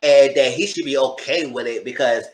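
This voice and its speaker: A man giving a chatty, animated recap of a TV episode and talking straight to his viewers. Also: medium pitch, moderate pace, reverberant. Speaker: TV show reviewer. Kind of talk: casual recap commentary.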